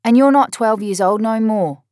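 A woman reading the part of a blunt older sister on the phone, loud and chiding. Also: lowish voice, normal speed, dry recording, studio quality, lightly acted. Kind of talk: audiobook character voice.

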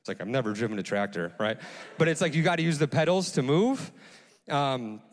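Casual storytelling pastor in echoing hall. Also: male voice, mid-range voice, a little fast. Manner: casual, animated, many "like"s and restarts. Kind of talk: sermon storytelling. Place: church sanctuary. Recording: long church hall reverb.

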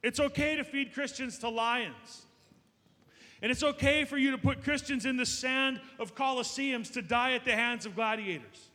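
A man's voice: extremely high pitch, moderate pace, sharp tone, long reverb tail. A man preaching a sermon as pastor, emphatic and building to raised, passionate delivery.

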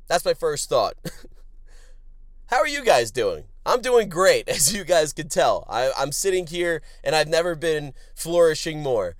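A man hosting a sports betting podcast, crude and joking, swinging from loud outbursts to low mutters. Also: unhurried, no echo, clean studio sound. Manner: animated, swings from shouting to muttering. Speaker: podcast host.

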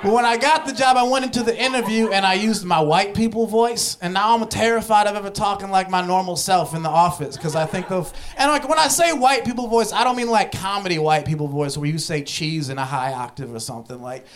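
High-voiced young male stand-up comic. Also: fairly quick, few pauses. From Ohio, US. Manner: loose, laughing, conversational delivery. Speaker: stand-up comedian. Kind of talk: stand-up comedy set. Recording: live club with audience laughter.

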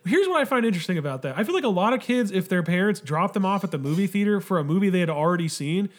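A man's voice: high-pitched, animated, rapid-fire. A young man co-hosting a podcast, chatting casually about movies, swearing and acting out lines. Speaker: podcast co-host. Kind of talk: casual chat.

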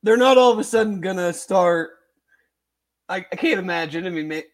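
A man's voice: high-pitched, animated, moderate pace. Rambling, hedging male sports podcaster. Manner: hedging, rambling, many fillers and restarts. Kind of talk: casual sports chat.

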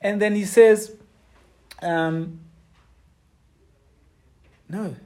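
Male pastor, earnest, halting sermon delivery, warm mellow voice. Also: on the high side, animated. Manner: earnest, halting, with many fillers and restarts. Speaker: preacher.

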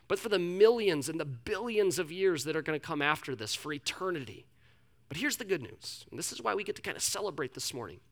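Bright, high-voiced young man preaching. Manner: candid, self-deprecating storytelling with many restarts. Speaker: pastor. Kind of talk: sermon.

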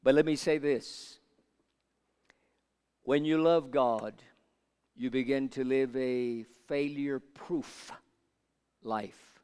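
An older man preaching a sermon, moving from quiet Bible teaching to loud call-and-response with the congregation. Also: mid-range voice, fairly even intonation, slow, long pauses, clean tone. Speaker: pastor. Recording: long hall reverb.

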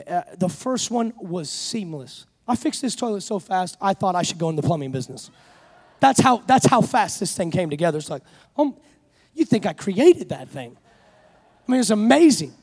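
A pastor preaching a sermon, telling a self-mocking story before building to fervent preaching. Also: male voice, high voice, darkish tone, big-room sound.

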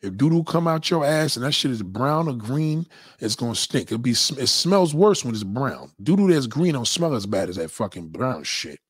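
Hosting a livestream, a man with a husky, medium-pitched, sing-song voice rants crudely and profanely at normal speed, lecturing bluntly while reading out chat messages. The audio is clean studio sound without echo.

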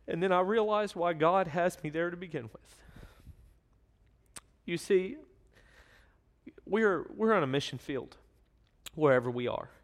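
A man's voice: high voice, a little slow, pauses often. A man preaching a sermon, telling a story earnestly and then reading scripture verses aloud. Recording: long hall reverb.

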